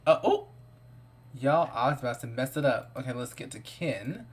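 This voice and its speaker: A man's voice: medium pitch, brisk. A man giving casual, playful let's-play commentary, gossiping about his characters and improvising their lines. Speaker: gameplay commentator.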